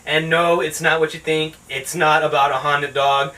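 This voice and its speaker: A man's voice: fairly high pitch, little pitch movement, moderate pace, sharp tone, distant mic, low-quality recording. A man hosting his own channel, ranting through a sarcastic, profanity-heavy casual movie review. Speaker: film reviewer, channel host.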